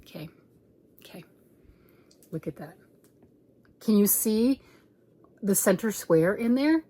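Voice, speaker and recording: An excitable middle-aged woman chats casually about her crochet work as she holds it up at home. Her talk runs fast and bubbly, and now and then she drops her voice to a hushed whisper. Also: mid-range voice, a little hiss or hum. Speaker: crochet channel host. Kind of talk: casual show-and-tell chat.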